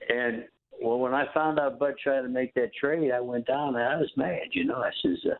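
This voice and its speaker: A man's voice: mid-range voice, moderate pace. Folksy older man on a phone line. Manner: folksy, animated storytelling with quoted dialogue. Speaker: former football coach, guest. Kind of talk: storytelling interview.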